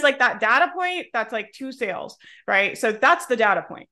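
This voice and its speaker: A woman's voice: fairly high pitch, lively intonation, normal speed, hardly any pauses, sharp tone. A woman hosting a business podcast, coaching through examples in an emphatic, casual way. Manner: emphatic, talks through examples, acts out quotes. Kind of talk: casual interview chat.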